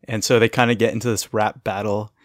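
Low-voiced guy chatting on a podcast, laid back, laughs a lot, dry sound. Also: flat delivery, a little fast, dry recording. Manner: laid-back, laughs often, retells scenes. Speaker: podcast co-host. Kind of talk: casual chat recapping a cartoon episode.

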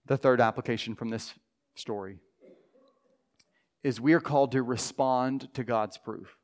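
A man preaching a sermon to his congregation, earnest, dropping to a soft hush when he voices quoted prayers. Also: mid-range voice, measured pace. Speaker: pastor.

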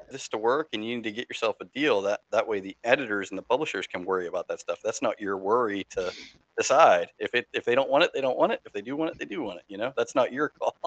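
A man's voice: fairly low pitch, fast talker, pushed and bright, no echo, poor audio. A man hosting a podcast, giving a candid, laid-back opinion with casual repeats. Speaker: podcast host. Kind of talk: casual chat.

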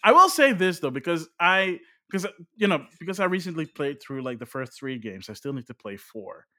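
A man chatting casually about games and films, lively and full of fillers, his voice jumping up when he gets excited. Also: a little high, brisk. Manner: animated, filler-heavy, voice jumps up when excited.

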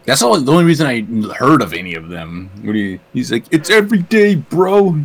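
A man's voice: lowish voice, very animated, fast talker, gravelly. A man co-hosting a casual podcast from his room, teasing, with stammering restarts. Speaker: podcast co-host.

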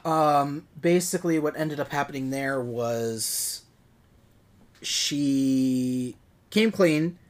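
A man's voice: a little high, very slow. A young man co-hosting a podcast, chatting enthusiastically and rambling with lots of fillers. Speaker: podcast co-host. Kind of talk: casual chat.

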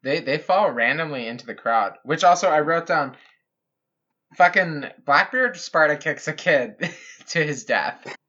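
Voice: mid-range voice, expressive, unhurried, sharp tone, lo-fi sound. A podcast co-host in casual movie-review banter who laughs a lot and swears for emphasis.

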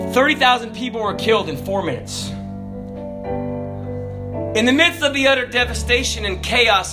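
Animated preacher, shouting then quiet. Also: male voice. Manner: swings from booming shouts to quiet conversational asides; casual, with fillers like "you know" and "like". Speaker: pastor. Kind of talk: sermon.

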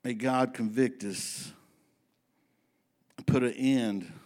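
A man preaching a sermon to his congregation in a folksy, emphatic style, slowing down to read scripture and speeding up for asides. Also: medium pitch, darkish tone. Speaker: pastor.

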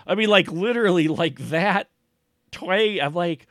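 A man's voice: sits high, measured pace, fairly bright tone, no room sound, clean studio sound. A man co-hosting a podcast in casual film review chat, rambling and often restarting and repeating his words. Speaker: podcast co-host.

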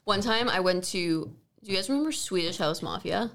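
A young woman from Canada chats casually, rambling from one story to the next. She leans on "like" and drops the odd swear word, and her voice sits in an ordinary middle pitch. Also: animated, fairly quick, a bit bright. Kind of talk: casual chat.

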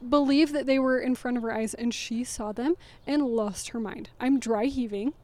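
High-voiced woman telling a dramatic story. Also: moderate pace. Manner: animated, dramatic, laughing storyteller. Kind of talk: casual chat, storytelling.

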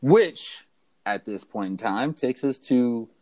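A man's voice: medium pitch, slow. A young man, co-host of a podcast, telling a story in casual chat and acting out the people in it. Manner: animated storyteller who acts out the voices of people in his story.

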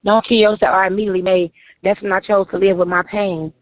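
A woman's voice: medium pitch, level tone, fast. Woman, phone-like. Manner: emotional, run-on storytelling with many "like"s. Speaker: author and guest. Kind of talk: personal testimony in an interview. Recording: tinny phone-like line.

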